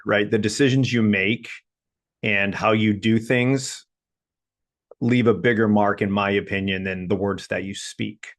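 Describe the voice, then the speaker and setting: Thoughtful low-voiced man. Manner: thoughtful, many fillers and restarts. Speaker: coach and podcast co-host. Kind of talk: casual podcast conversation.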